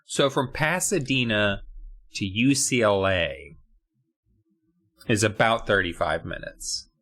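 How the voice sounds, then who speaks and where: A man's voice: on the low side, expressive, slow pace, a bit bright. A man co-hosting a podcast, riffing casually and jokingly on a kids' book plot, swearing freely. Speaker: podcast co-host.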